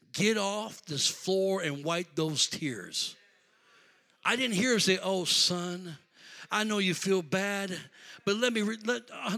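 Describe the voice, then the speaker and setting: Bright, high-voiced preaching man. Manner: storytelling, swings from quiet to shouting. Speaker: pastor. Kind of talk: sermon.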